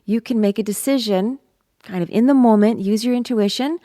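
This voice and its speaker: A woman's voice: on the high side, a little fast, dry recording, studio quality. A woman vocal coach teaching a singing lesson, talking in an upbeat, encouraging way and singing scale demonstrations. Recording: loud piano accompaniment.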